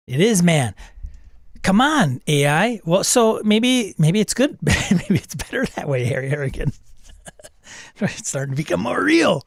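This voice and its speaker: A man's voice: high-pitched, very animated, a little slow, vocal fry, no echo, clean studio sound. A man casually commenting as he runs a role-playing game with an AI storyteller, thinking aloud and chuckling at it.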